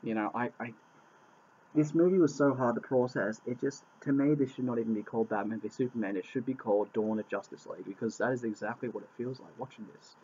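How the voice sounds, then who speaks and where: A man rants through a casual movie review, exasperated and quick to swear, circling back to the same complaints again and again. His voice sits at an ordinary middle pitch. The recording is dull and lo-fi. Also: darkish tone, slightly rough. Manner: exasperated, swears a lot, repeats himself. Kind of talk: casual spoken film review.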